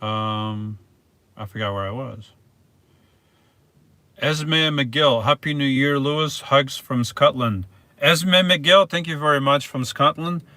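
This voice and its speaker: A man's voice: mid-range voice, takes it slowly, pushed and bright, no room sound. A man hosting a casual live stream, reading viewer messages aloud and answering them in a rambling, hesitant way. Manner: rambling and hesitant, restarts words, reads viewer names aloud.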